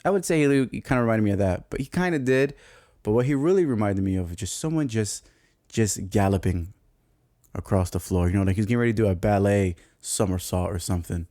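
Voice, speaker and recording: A young man with a New York accent, telling a camping story as a podcast host in a loose, profane, animated way, laughing often. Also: lowish voice, fast, no echo, clean studio sound. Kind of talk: casual storytelling monologue.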